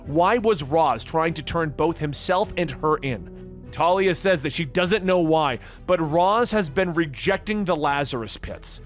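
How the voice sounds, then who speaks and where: Man narrating a comic story, higher voice. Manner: reads every character in the same even voice.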